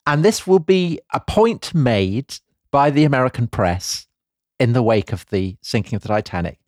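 A man's voice: mid-range voice, animated, normal speed, a little mellow, no room sound, studio quality. A man co-hosting a casual history podcast, wry and methodical, laying out events step by step. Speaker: podcast co-host.

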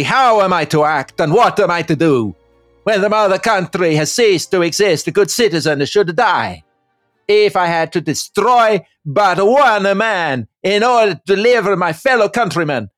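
Brief: man voicing a vengeful young Corsican officer, high and grave, heavy put-on accent, slow, dry sound. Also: a bit bright, no echo.

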